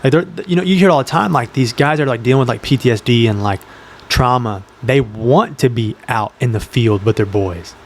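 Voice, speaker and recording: A young man talking in a loose, rambling podcast chat, full of fillers and quick acted-out quotes. His pitch sits in an ordinary middle range. A faint hiss of noise sits under the recording. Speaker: podcast co-host. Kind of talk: casual chat.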